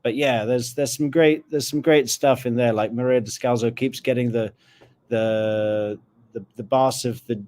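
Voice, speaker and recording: A man from Europe, live-streaming casual commentary and chatting with his viewers in a halting way with fillers. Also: medium pitch, fairly even intonation, darkish tone. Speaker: true crime streamer.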